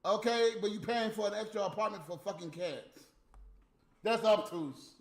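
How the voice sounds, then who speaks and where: A man's voice: high voice, normal speed, heavy background noise. A man delivering a heated, profane, scolding rant as a stream host. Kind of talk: profane ranting monologue. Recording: roomy room with faint music.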